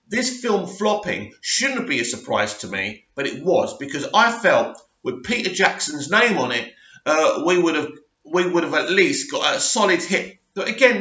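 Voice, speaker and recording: A man's voice: on the high side, sharp tone, echoey room, muffled recording. A middle-aged man giving a blunt, emphatic film review rant, stressing points and often asking "right?". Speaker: movie review vlogger.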